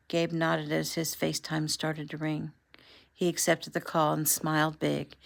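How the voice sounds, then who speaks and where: A woman reading her own novel aloud casually at home, in a relaxed, conversational way. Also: deep voice, a little slow, gravelly.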